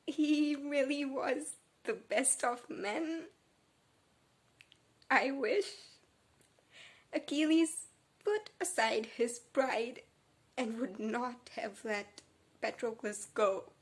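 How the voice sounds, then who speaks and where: A young woman talks through her reading vlog in an unhurried, drawn-out way, her voice sitting a little high. She gushes with feeling and sounds close to tears. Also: husky. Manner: emotional, gushing, close to tears. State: tearful. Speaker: book vlogger. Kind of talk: casual reading vlog chat.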